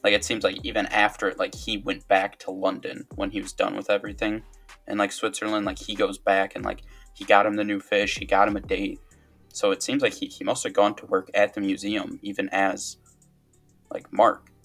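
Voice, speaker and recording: Low gravelly guy on a podcast, lots of "like"s, faint music under him. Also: level tone, moderate pace, fairly bright tone. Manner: hesitant, filler-heavy, thinking aloud. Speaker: podcast co-host. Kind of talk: casual chat.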